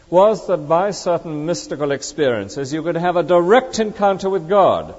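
Lively, emphatic male preacher in a hall. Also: on the high side. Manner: emphatic, rhetorical questions to the congregation. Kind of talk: sermon. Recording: dull lo-fi recording with long reverb.

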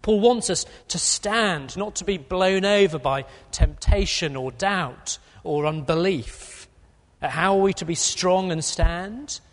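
A man's voice: sits high, slow. A man preaching an earnest expository sermon, with a few fillers. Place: church. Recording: long hall reverb.

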